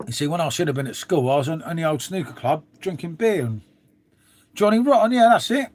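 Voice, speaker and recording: A man's voice: fairly high pitch, expressive, brisk, a little mellow, slight background noise. A middle-aged man chatting casually to viewers on a live stream, swearing freely and trailing off into asides. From England. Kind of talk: rambling casual chat to viewers.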